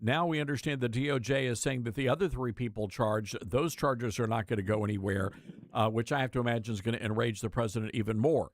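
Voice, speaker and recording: A male talk radio host chats in an opinionated, conversational way with a sarcastic edge. His voice is mid-pitched and sits close and dry. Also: fairly even intonation, fast, dry recording.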